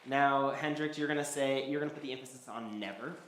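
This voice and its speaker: A man's voice: medium pitch, brisk, fairly bright tone. A man teaching a Bible study class, talking loosely with many ums and restarts. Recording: echoey hall, faint background noise.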